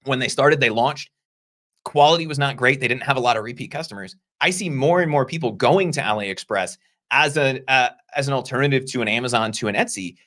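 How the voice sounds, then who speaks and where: A man co-hosting a casual discussion show, explaining points in a conversational way with quick asides. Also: mid-range voice, fairly bright tone. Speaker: podcast co-host.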